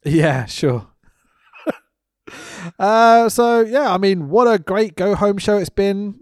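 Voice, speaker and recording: A man's voice: sits high, animated, takes it slowly, long pauses, dry recording, clean studio sound. A man co-hosting a podcast, recapping wrestling in sweary, sarcastic casual chat and laughing often. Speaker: podcast co-host.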